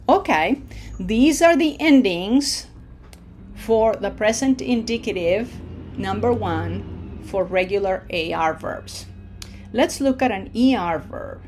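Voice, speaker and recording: Woman, language teacher, patient and steady, models words slowly, lots of check-ins. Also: mid-range voice. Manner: patient, checks in with "okay?" and "right?" often; slows down to model words clearly. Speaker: Spanish teacher. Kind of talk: recorded language lesson.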